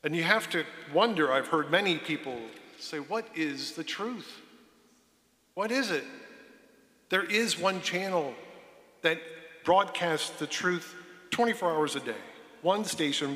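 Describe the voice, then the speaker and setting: A man, a deacon, preaching a homily in a slow storytelling way, with soft asides. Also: on the high side, expressive. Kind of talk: sermon. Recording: roomy church with long reverb.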